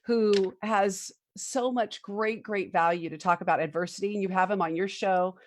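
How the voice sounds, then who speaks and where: A woman's voice: medium pitch, fairly even intonation, moderate pace. A woman hosting a podcast interview, chiming in with enthusiastic, affirming remarks. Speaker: podcast host. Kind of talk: interview conversation.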